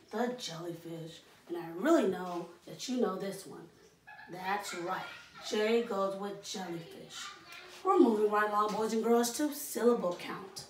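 Slow sing-song teacher woman. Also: medium pitch, slight background noise. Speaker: kindergarten teacher. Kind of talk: online class lesson. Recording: echoey room from far off.

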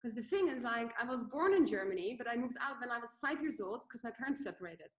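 A woman's voice: fairly high pitch, lively intonation, quick pace. A woman in her thirties with a Dutch accent, chatting casually as a panel guest, full of "like" fillers. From Netherlands. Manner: chatty, many "like" fillers, laughs easily. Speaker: guest entrepreneur. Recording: echoey room.

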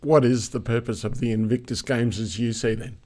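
A man's voice: medium pitch, steady tone, moderate pace, a little mellow. A man hosting a podcast, asking his guest a question. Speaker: podcast host. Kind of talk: interview question.

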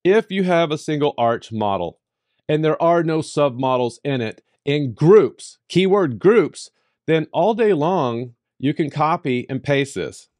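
A man's voice: expressive, a little slow, darkish tone, dry recording. Emphatic man with a dry, close sound. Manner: emphatic, playful, pitch jumps for emphasis. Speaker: tutorial host. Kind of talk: screen-recorded software tutorial.

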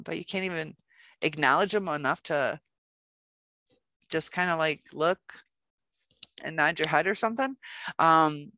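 A woman's voice: lowish voice, bright, forceful tone, no echo. A woman hosting a self-help video, talking casually to camera with lots of fillers and acting out small quoted exchanges. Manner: loose and chatty, many fillers, acts out little quoted exchanges.

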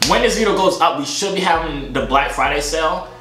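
A man's voice: fairly high pitch, brisk, sharp tone. A young man vlogging in a joking, boastful way, full of slang, in a room. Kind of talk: comedic vlog chat. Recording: echoey room.

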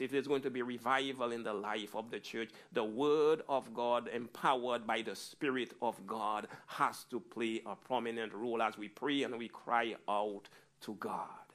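Male pastor, mid-pitched, sermon delivery with big swings from hushed to loud. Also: fairly even intonation, normal speed. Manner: preaching that swings from low and quiet to loud and high.

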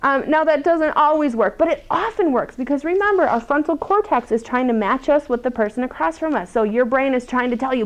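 A woman's voice: high-pitched, brisk, few pauses. Chatty woman presenter, laughing often. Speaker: workshop presenter. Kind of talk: lunch-and-learn talk to a small group.

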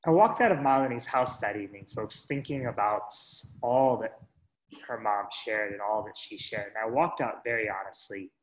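A man's voice: lowish voice, moderate pace. Earnest man telling a story, echoey room. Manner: earnest, strings sentences with "and so", addresses the audience as folks. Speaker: speaker sharing a story. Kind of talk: first-person storytelling talk.

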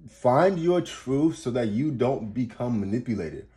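A man speaks at a measured pace in an expressive, dark voice of medium pitch, offering astrology advice as casual motivation. Emphatic, he repeats and restarts words and curses for effect, laughing as he gets fired up.

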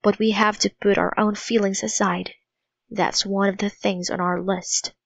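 Woman voicing a soft-spoken thoughtful boy. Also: medium pitch, moderate pace, vocal fry, no room sound. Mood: gentle. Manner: soft, steady, earnest. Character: thoughtful young boy, calm and kind. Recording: dull lo-fi recording.

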